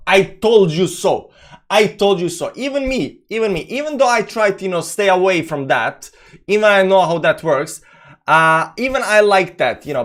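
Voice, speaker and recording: A man's voice: high-pitched, fairly bright tone. A young man with a speech pattern hosts a casual crypto livestream, reading chat comments aloud and rambling with many fillers and restarts.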